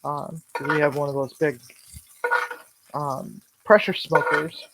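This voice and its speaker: In her home kitchen, a home cook hosting her cooking vlog tells a story bluntly and animatedly, swearing freely. Her mid-range voice holds a steady tone, and she takes it slowly. The home recording is noisy.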